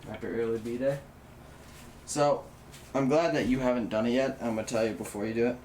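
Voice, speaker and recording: A man's voice: medium pitch, fairly even intonation, fairly quick, darkish tone, a little hiss or hum. A young man livestreaming while he assembles a computer, chatting with viewers in a blunt, rambling way, swearing and restarting his sentences. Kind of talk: casual live stream chat while building a PC.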